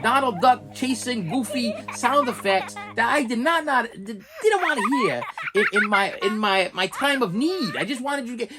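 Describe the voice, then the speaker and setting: A man's voice: extremely high pitch, animated, moderate pace, hardly any pauses, noisy background. A man ranting on a vlog, exasperated and stammering with repeated words. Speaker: YouTube reviewer.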